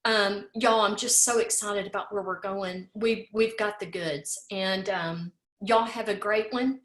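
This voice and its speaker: A woman's voice: medium pitch, steady tone, a little slow, fairly bright tone, echoey room. A woman giving a heartfelt, tearful farewell speech as host of an online talk, repeating her words and saying y'all.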